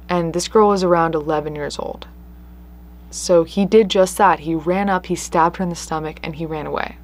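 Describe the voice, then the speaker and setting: A woman hosting a true crime show, telling a case in an earnest, conversational way with emphatic stresses. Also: fairly low pitch. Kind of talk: casual true crime storytelling.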